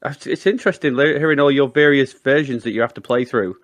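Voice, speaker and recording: A man appears as a podcast guest, chatting freely and poking fun at himself. His voice sits at a mid pitch and is recorded dry and close. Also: quick pace, no room sound. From England. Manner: chatty, self-mocking, chuckles. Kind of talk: casual podcast chat.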